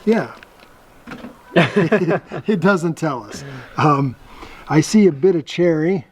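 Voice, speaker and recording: A man's voice: on the high side, lively intonation, slow, darkish tone. Chatty man on a noisy recording. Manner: chatty, chuckles often, thinks aloud. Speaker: vlog host reviewing military rations. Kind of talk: casual show-and-tell commentary. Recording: noisy home video recording.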